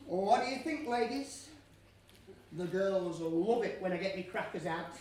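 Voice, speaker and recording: A woman playing a silly young man in a stage pantomime, chummy and playful as she gets the audience shouting. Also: medium pitch, lively intonation, a little slow, close to an everyday voice. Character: Bree, a silly, cheese-loving young man. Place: theatre stage. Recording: echoey theatre from far off, noisy.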